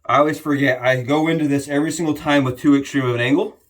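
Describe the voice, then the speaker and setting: A man's voice: mid-range voice, steady tone, quick pace. A young man talking casually to his viewers while he shaves, chatty and repeatedly addressing them as guys. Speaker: shaving vlogger. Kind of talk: casual talk to camera while shaving.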